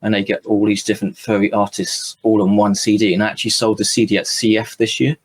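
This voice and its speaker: A man from the United Kingdom talks quickly and eagerly, jumping in with plugs and chat. His voice sits a little low. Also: little pitch movement, slightly rough. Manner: quick, chatty, plugging things eagerly. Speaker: podcast co-host. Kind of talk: casual group chat.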